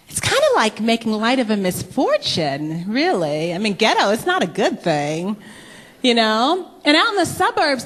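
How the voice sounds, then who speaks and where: A woman performing a stand-up comedy set, telling animated stories and jumping up high whenever she quotes people. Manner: animated storytelling, jumps high for quoted voices. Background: audience laughter.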